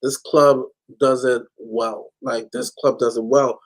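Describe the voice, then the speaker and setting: A man's voice: medium pitch, little pitch movement, slow. A man from the United States ranting animatedly as a football fan panelist. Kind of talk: casual fan chat.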